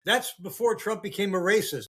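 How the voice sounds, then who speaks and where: Older male podcast host, high voice, heated, swearing, halting with fillers. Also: pushed and bright, breathy edge. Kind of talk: casual political chat.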